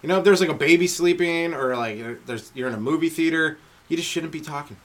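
A man doing a rambling stand-up comedy monologue on his podcast, riffing with frequent asides to the listener and swinging between loud and hushed delivery. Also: fairly high pitch, quick pace. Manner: riffing, talks to listener with frequent "right?" and "you know".

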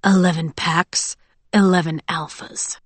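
A woman voicing a sly, menacing male wolf-hybrid soldier in a lowered, mocking voice. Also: steady tone, a little slow, no room sound. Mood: taunting.

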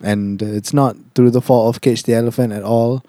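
A young man with a Malaysian English accent, co-hosting a podcast in relaxed, rambling casual chat that slips into Malay words. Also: medium pitch, moderate pace, dry recording, clean studio sound. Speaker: podcast co-host.

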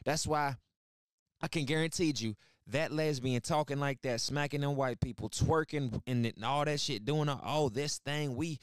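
A man holds forth in casual reaction commentary, blunt and profane, piling on asides and rhetorical questions. His voice is smooth and resonant, sitting at an ordinary middle pitch. The recording is dry and close, with no room sound. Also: moderate pace, dry recording. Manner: blunt, profane, animated storytelling with repeated asides. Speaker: online commentator and podcast host.

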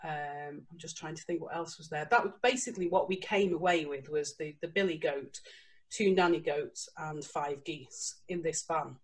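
A woman's voice: deep voice, moderate pace. Lady guest, chatty storyteller, laughs a lot, does little voices. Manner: lively, laughing anecdotes with quoted voices. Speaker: guest author. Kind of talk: casual storytelling.

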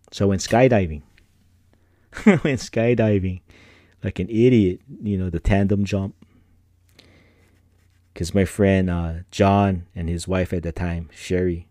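A middle-aged man chats casually on his podcast, his voice low and mellow. He rambles through personal stories, laughing often and dropping slang. The sound is close and dry, with no room around it. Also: steady tone, a little slow, long pauses, no echo. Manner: laid-back, rambling, frequent laughs and slang. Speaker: podcast host.

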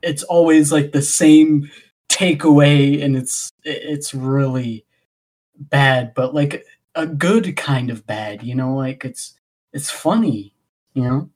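A man's voice: a little high, takes it slowly, a little mellow. A man rambling casually on a streamer podcast, full of fillers and swearing freely. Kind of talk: casual chat.

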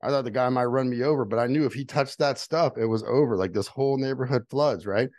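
A man's voice: medium pitch, quick pace, a little mellow, no room sound. A middle-aged man telling earnest personal stories in casual conversation as a guest. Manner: earnest storytelling. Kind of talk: casual chat.

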